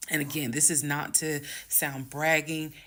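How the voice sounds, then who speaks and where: A woman telling a dramatic personal story in an animated, emphatic way, talking straight to her viewers. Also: sits low, unhurried. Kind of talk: casual storytime monologue.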